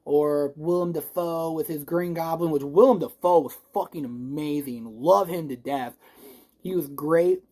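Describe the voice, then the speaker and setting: Speaking at a measured pace with a medium-pitched voice, this vlogger gives a laid-back spoiler review while saying they're a bit stoned. The delivery is excitable and emotional, full of gushing, rambling, frequent cursing, and restarted sentences.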